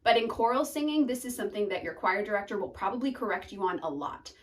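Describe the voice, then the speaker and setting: A woman's voice: medium pitch, animated, quick pace, recorded from a distance, rough recording. A young woman teaching singing terms in a chatty, upbeat way, breaking into short sung notes as examples.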